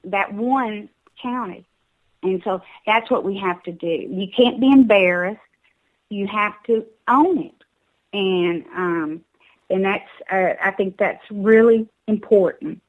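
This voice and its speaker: A woman's voice: mid-range voice, slow, phone-quality sound. Emphatic woman with a Southern accent. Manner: emphatic, urging, repeats words.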